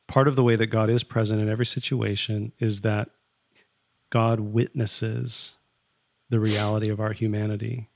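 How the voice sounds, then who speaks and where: A man's voice: on the low side, creaky, no room sound, studio quality. A man co-hosting a casual spiritual conversation, reflective and thinking aloud. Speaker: podcast co-host.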